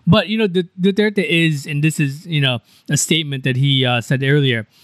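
A man's voice: fairly high pitch, normal speed, fairly bright tone, dry recording. A man co-hosting a casual news podcast, chatty and joking, with lots of fillers. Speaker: podcast co-host.

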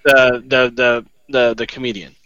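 A man co-hosting a podcast in casual chat, talking in a rambling, halting way with many restarts. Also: medium pitch, level tone, sharp tone, dull audio. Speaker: podcast co-host.

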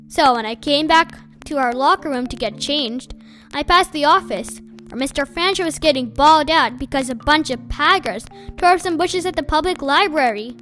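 A woman reading a first-person audiobook in a wry, deadpan storytelling manner. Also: high voice, normal speed, faint music behind. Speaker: audiobook narrator.

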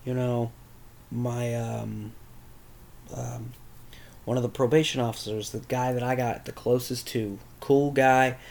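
A man's voice: medium pitch, flat delivery, a little slow, gravelly, darkish tone, a little hiss or hum. Candid young man telling a story. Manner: candid, rambling, with crude language. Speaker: podcast host. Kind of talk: personal storytelling.

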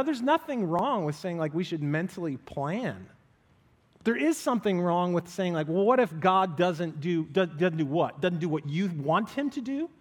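A man with a high voice gives a casual, lively sermon as pastor, acting out the voices he quotes. His words ring with the long reverb of a hall. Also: slightly rough.

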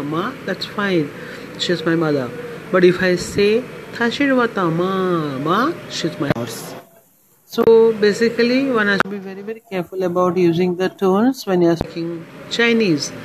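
Podcast language teacher, woman, deliberate and repetitive, noisy home recording. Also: lowish voice. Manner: slow, deliberate teacher, repeating words carefully. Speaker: Mandarin trainer.

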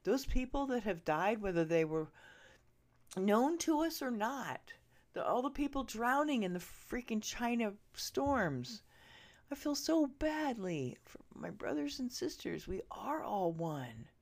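A woman hosting a podcast, ranting straight at her listeners, swearing freely and swinging from loud outbursts to hushed asides. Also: on the high side, very animated, measured pace. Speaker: podcast host. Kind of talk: ranting opinion monologue. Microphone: earbud listeners, close mic.

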